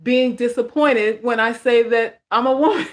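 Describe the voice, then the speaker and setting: A woman's voice: fairly high pitch, fairly even intonation, normal speed. A woman vlogger chatting casually on a livestream, blunt and emphatic, repeating phrases for emphasis and answering viewer comments. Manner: reads viewer comments aloud and answers them. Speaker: vlogger and life coach.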